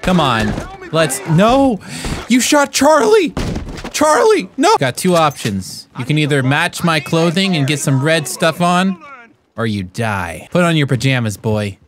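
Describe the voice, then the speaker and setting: A man giving comedic gameplay commentary as a YouTuber, goofing around and yelling playful threats at other players. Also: on the high side, lively intonation, a little slow, noisy background. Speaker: gaming YouTuber.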